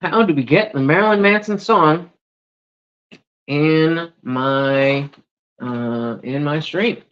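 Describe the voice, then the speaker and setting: A man's voice: fairly high pitch, slow, long pauses, clear, resonant tone, no room sound, lo-fi sound. A young man chatting casually on a live stream at home, rambling and interrupting himself with jokes. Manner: rambling, self-interrupting, jokey. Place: at home indoors. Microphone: desk microphone.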